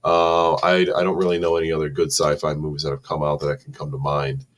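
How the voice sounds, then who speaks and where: A man's voice: extremely low pitch, completely flat delivery, fast, slight background noise. A man co-hosting a casual podcast, blunt and contrary, swearing freely. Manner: crude, profane, blunt and contrary. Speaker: podcast co-host. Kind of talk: casual chat.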